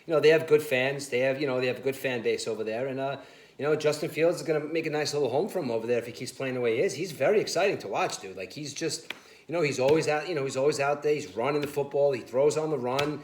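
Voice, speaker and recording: A man co-hosting a casual sports show, telling stories with animated laughter and a lot of "listen" and "you know.". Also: mid-range voice, fast, reverberant.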